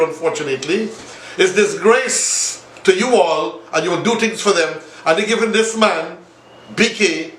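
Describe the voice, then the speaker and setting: An impassioned man delivers political commentary, turning again and again to his viewers. His voice is high and bright. He sounds set back from the mic in an echoey room. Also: distant mic. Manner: repetitive, appealing directly to viewers. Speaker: online show host.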